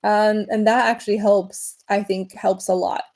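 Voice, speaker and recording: A woman's voice: medium pitch, level tone, unhurried, darkish tone, poor audio. A woman from Venezuela, chatting casually on her livestream, rambling with many fillers and restarts. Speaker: livestream host.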